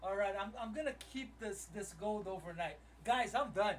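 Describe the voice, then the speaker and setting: A man's voice: high-pitched, normal speed, few pauses, far from the mic. A man who runs a live trading room, commenting on his trades as he streams and thinking aloud to his viewers.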